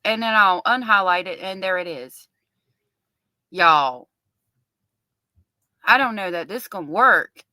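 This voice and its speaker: Woman, middle-aged, chatty livestream host, bright forceful voice, dry close sound. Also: medium pitch, slow pace, long pauses, no room sound, rough recording. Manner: chatty, reads viewer comments aloud. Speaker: livestream host covering a trial. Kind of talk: casual livestream chat with viewers.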